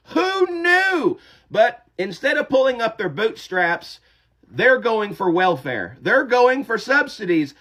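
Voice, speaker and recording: Very high-voiced man mocking ironically. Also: sharp tone. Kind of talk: sarcastic social media commentary.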